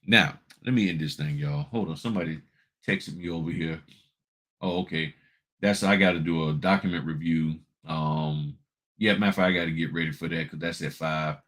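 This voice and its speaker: A man's voice: rumbling low, moderate pace, a bit bright. A man hosting a notary business channel, talking casually and bluntly, firing off rhetorical questions in a colloquial way. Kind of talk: casual advice talk with screen walkthrough.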